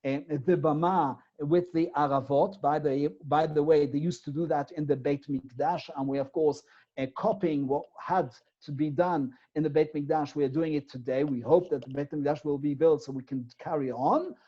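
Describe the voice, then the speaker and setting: A man gives a Torah lesson in a mellow, warm voice that sits a little high, keeping a steady tone and moderate pace. He builds his argument step by step, often posing rhetorical questions. The recording sounds dull and lo-fi.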